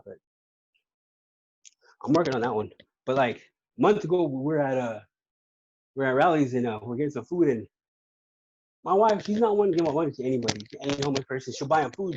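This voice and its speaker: A man's voice: mid-range voice, lively intonation, fast, pauses often, darkish tone, muffled recording, a little hiss or hum. A man telling a personal faith story in casual talk as a podcast guest, rambling with many restarts. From California. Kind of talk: casual testimony.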